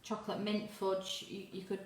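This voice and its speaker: A woman's voice: medium pitch, monotone, moderate pace. A woman hosting a live cooking demo, talking casually while stirring, at times a little out of breath. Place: home kitchen. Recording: echoey kitchen with noise.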